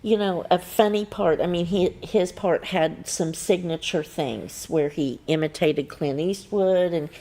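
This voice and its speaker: A middle-aged woman co-hosting a local morning show, telling a story with lively quoted voices. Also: unhurried, hardly any pauses. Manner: animated storyteller, jumps up in pitch acting out quotes. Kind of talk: casual chat, telling a funny story.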